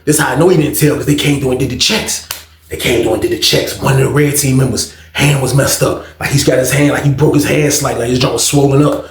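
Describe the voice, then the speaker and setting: A man telling a prison street story in a casual, animated way, acting out the voices and sound effects. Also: medium pitch, fast talker, reverberant.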